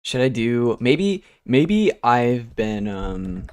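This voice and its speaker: A man's voice: mid-range voice, very animated, very slow, a little mellow, clear, resonant tone, dry recording. A young man streaming, chatting casually and rambling while he works, with easygoing talk and casual swearing. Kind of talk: casual chat while working.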